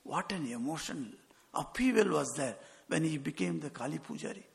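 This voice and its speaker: A man's voice: a little high, lively intonation, fairly quick, creaky. A man, a monk giving a sermon with earnest storytelling and quoted dialogue. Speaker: monk giving a spiritual talk. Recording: long hall reverb.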